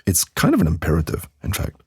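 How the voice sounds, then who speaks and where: A man teaching English on a podcast, demonstrating useful phrases and steady, falling intonation. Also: low-pitched, fast talker, husky, dry recording, studio quality. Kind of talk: podcast language lesson.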